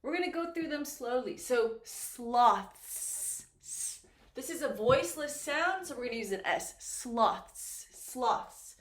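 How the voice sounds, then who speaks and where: Lively, slow-paced woman English teacher. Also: high voice. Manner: patient, prompts learners with questions. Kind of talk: slow, clear classroom explanation. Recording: echoey room with faint noise.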